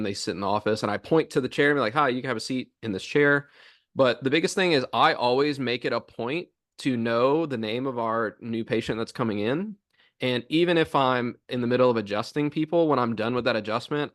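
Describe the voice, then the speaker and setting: A young man co-hosting a podcast, talking casually about his chiropractic office routine, full of "um" and "like" and acting out office dialogue. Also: mid-range voice. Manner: rambling, filler-heavy, acts out office dialogue.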